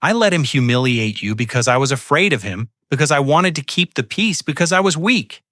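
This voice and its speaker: A man's voice: medium pitch, big pitch swings, fairly quick, bright, forceful tone, dry recording, studio quality. A man reading as a remorseful grown daughter, tearful and pleading. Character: remorseful adult daughter, woman.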